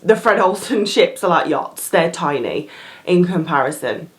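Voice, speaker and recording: A young woman who worked on cruise ships, talking frankly to camera in a casual vlog and often dropping in "like" and quick asides. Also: fairly low pitch, lively intonation. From England. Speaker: former cruise ship crew member and vlogger.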